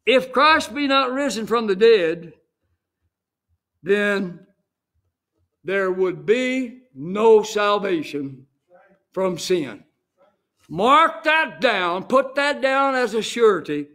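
Emphatic high-pitched male pastor. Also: expressive, slow, pauses often, pushed and bright. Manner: emphatic preaching with rising exclamations and repeated "Amen". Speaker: senior pastor. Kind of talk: sermon.

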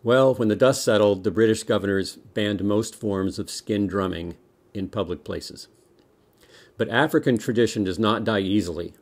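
A lower-pitched middle-aged man from the United States teaches kids a history lesson. He talks in a lively, explaining way and slips in small jokes. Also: normal speed, slight background noise. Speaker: music teacher.

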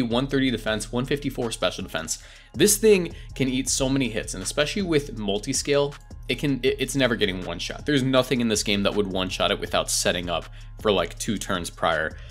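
A man's voice: medium pitch, expressive, soft background music. Chatty young man ranking game characters. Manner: chatty, self-correcting, quick asides. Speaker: competitive gaming video host. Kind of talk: casual commentary.

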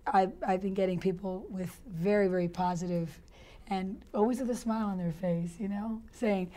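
A woman actress in a casual interview, telling stories in a chatty, animated way and laughing often. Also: medium pitch, normal speed.

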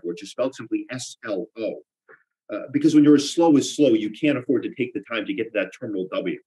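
A man's voice: medium pitch, low-quality recording. A man performing a theatrical comic monologue, with anxious, obsessive repetitions and wry asides. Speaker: solo performer.

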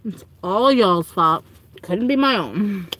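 A young woman with a Southern US accent chatting casually to viewers on a livestream from home, giggling and breaking into high squealing quotes. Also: animated, takes it slowly, a bit bright, slight background noise. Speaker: livestream host.

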